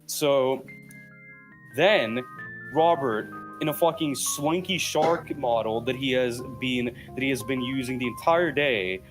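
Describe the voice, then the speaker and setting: A man's voice: medium pitch, slow pace, music in the background. A young man hosting a podcast, telling rambling, profane stories in casual chat over a headset mic. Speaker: podcast host.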